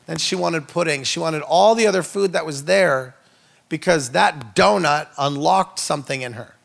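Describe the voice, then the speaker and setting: Gravelly preacher man telling stories. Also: fairly high pitch, normal speed, a bit bright. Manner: jokey storytelling with asides to the audience. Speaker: itinerant minister, guest speaker. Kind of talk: humorous testimony sermon.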